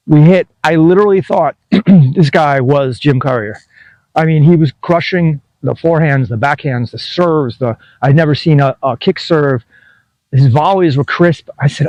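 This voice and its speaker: A man in his fifties talks straight to camera in a relaxed, wandering way, often laughing at his own expense. His voice sits slightly high for a man. The sound is close and dry, with no room echo. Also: normal speed, muffled recording. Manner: rambling, self-deprecating, chuckles often. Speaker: tennis vlogger. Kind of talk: casual storytelling to camera.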